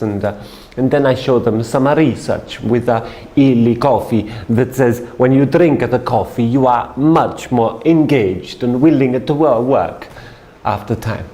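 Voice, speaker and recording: A man's voice: medium pitch, unhurried, dark tone. A man telling a story as a sales trainer, in a chatty way with many fillers and restarts. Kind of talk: storytelling lesson.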